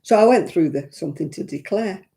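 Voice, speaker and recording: A woman's voice: lowish voice, lively intonation, fairly quick, vocal fry, mellow. A woman hosting a casual craft live stream, telling stories in a chatty, self-mocking way and laughing between them.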